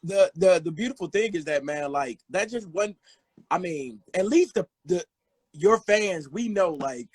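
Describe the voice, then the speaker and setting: A man hosting a casual talk, emphatic and sometimes dropping into a low, earnest tone. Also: animated, unhurried, a little mellow. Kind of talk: casual chat.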